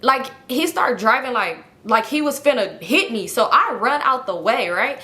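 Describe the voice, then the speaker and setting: Young woman, storytime vlogger, bright tone, slightly high voice, animated, profane, casual. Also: normal speed. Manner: animated, profane, talks straight to viewers.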